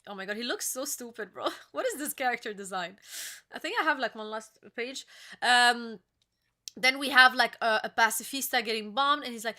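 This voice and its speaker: A young woman reading comic pages aloud in a casual reaction chat, halting with many fillers and restarts. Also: a little high, sharp tone. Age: young adult. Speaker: co-host reacting to a comic chapter.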